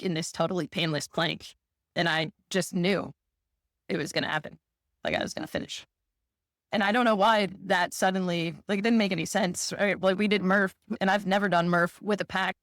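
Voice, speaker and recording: A woman in a casual conversation, reflective and animated as she tells a story. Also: on the low side, no room sound, clean studio sound. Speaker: podcast co-host.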